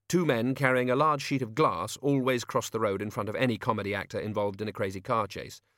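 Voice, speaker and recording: A man reads an audiobook in a wry, measured way. His voice sits at a middling pitch. The recording is dry and close. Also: a bit bright, dry recording. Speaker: audiobook narrator. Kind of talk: audiobook narration.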